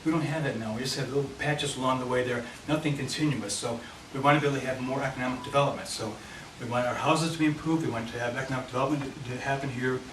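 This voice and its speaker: With a mid-range voice and fairly even intonation, a man speaks very fast while walking a committee through a handout map of his neighborhood. It takes place in a meeting room, recorded noisily by a distant mic amid echo.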